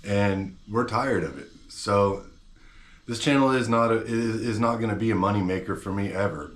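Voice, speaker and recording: Fired-up guy venting on his channel, kinda deep voice, echoey room. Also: moderate pace. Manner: blunt, slangy, fired-up. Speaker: channel host. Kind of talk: casual rant to camera.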